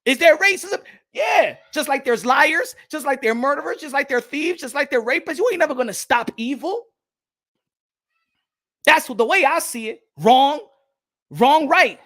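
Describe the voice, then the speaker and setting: A man's voice: extremely high pitch, lively intonation, normal speed, pushed and bright. A man from the Caribbean hosting a boxing channel, ranting bluntly and repetitively, swearing and slipping Spanish phrases into his English. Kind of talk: opinionated rant to camera.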